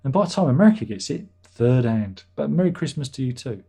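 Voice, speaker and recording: Mellow-voiced British man chatting casually. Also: medium pitch, very animated, brisk, breathy edge. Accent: British English. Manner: chatty, dry jokey asides, chuckles. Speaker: livestream host reading chat. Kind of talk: casual chat.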